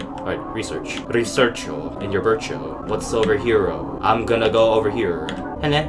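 A man's voice: on the low side, lively intonation, moderate pace, hardly any pauses. A man giving gameplay commentary on a horror game, jumpy and swearing, talking back to the game. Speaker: gaming YouTuber. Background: game music.

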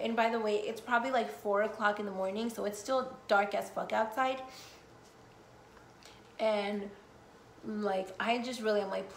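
A woman's voice: mid-range voice, fairly even intonation, moderate pace, creaky. A young woman from the United States telling a storytime vlog in casual talk, full of swearing and "like". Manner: casual, swears often, heavy use of "like". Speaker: vlogger. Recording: echoey room, faint noise.

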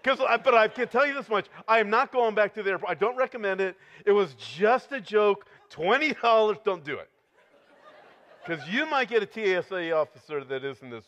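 A man's voice: high voice, expressive, moderate pace, a bit bright, muffled recording. A middle-aged male pastor preaching a sermon, telling a story in a chatty way with quoted voices.

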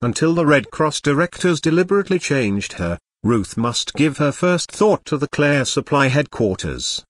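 A computer-generated man's voice reading an audiobook aloud in an even, steady manner. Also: medium pitch, slightly rough, no echo. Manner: evenly paced machine reading. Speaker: narrator. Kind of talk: synthetic audiobook narration. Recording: dry close text-to-speech voice.

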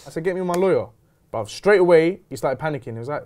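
A young man tells a story in a fast rush, his pitch sitting a little high and swinging widely. He is slangy and animated, acting out the other people in his story. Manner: animated, slangy, retelling with quoted dialogue. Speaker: host. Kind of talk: casual storytelling chat.

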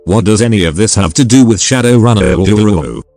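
A man's voice: lowish voice, lively intonation, moderate pace, vocal fry, darkish tone, faint music behind. A synthetic male text-to-speech voice reading the lines of a frightened young male rookie mage who pleads with his captors. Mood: scared.

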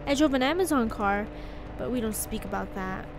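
A woman hosting a gaming channel, talking through gameplay in casual commentary, excitable and rambling, often breaking into exclamations. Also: a little high, a little fast, background noise.

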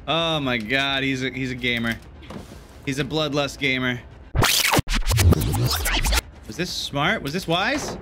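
A young man giving casual, jokey gameplay commentary, excitable and swearing often. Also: medium pitch, takes it slowly, pauses often, music in the background. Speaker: gaming YouTuber.

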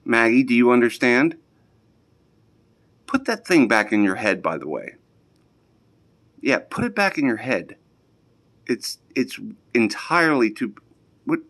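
A man, scolding his pets in a home basement for a casual vlog in a mock-stern way that keeps softening into affection. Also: mid-range voice, big pitch swings, unhurried, long pauses. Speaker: pet owner.

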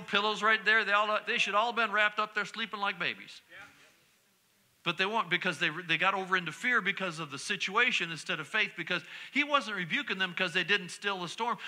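A middle-aged male pastor preaching a sermon in a church, repeating refrains and breaking into sudden shouts. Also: sits high. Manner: preaching with call-and-response repetition and sudden shouts. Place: church sanctuary.

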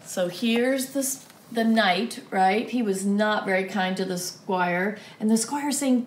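Slow, expressive woman reading to kids. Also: mid-range voice, reverberant. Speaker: children's ministry teacher. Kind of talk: reading a story aloud to children.

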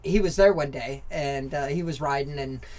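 A man's voice: medium pitch, moderate pace, a little mellow. An American man in his forties from Southern California, a former motorcycle racer telling stories as a podcast guest, candid and rambling, with lots of fillers, restarts and casual swearing. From Southern California, USA. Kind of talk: casual storytelling interview.

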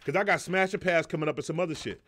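A man's voice: on the high side, rapid-fire, fairly bright tone, slight background noise. A middle-aged man hosting a live stream, talking loosely and profanely, joking and reading chat messages aloud. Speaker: live show host. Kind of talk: casual live-stream talk.

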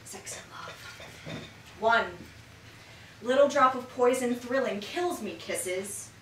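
A woman poet giving an expressive poetry reading in a bookshop, her loudness swinging dramatically between lines. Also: a little high, slow. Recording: roomy and distant with background noise.

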